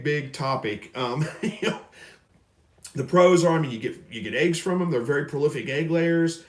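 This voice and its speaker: A man from Missouri hosting a casual live stream, reading viewer questions aloud and answering in a rambling, folksy way. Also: mid-range voice. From Missouri, USA. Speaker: livestream host. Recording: roomy echo.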